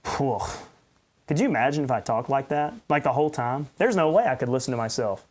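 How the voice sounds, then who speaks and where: A man's voice: medium pitch, animated, quick pace. A man, a pastor hosting a podcast, rambling and ranting in unscripted commentary with sarcastic asides.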